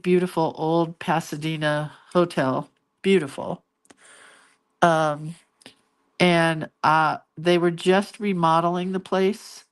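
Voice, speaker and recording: Chatty middle-aged woman vlogger, low voice, rambling casual storytelling with asides. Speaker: crafting vlogger.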